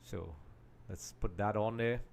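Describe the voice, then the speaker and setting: A man hosting a live football watch-along, chatting straight to viewers and often dropping into quiet mutters while he multitasks. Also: lowish voice, a little slow, creaky, slight background noise. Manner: distracted, multitasking while commenting; trails off into quiet mutters and restarts. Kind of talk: casual live match commentary.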